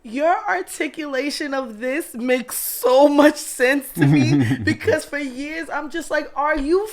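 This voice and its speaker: A woman's voice: high-pitched, big pitch swings, takes it slowly, crowd noise. A woman co-hosting a casual podcast, reacting expressively and laughing along. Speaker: podcast co-host.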